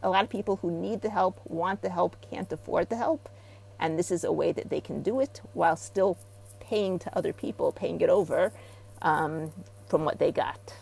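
Middle-aged woman from israel, low raspy voice, lively storyteller in an interview. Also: normal speed, rough recording. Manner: animated storyteller, rising loud when acting out quotes. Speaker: guest, therapy practitioner. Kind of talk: casual interview talk.

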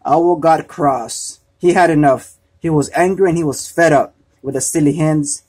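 A man gently reading a children's storybook aloud, unhurried. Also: fairly high pitch, breathy edge.

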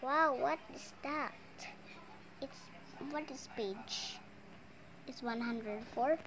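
Slow, playful woman telling a toy story. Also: high voice, noisy background. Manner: slow, playful, sing-song with excited squeals. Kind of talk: toy play storytelling with put-on voices.

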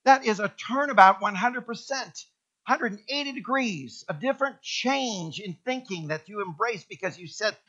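A man preaching a sermon as minister, animated and emphatic, firing off rhetorical questions to his congregation. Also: sits high, moderate pace, lo-fi sound.

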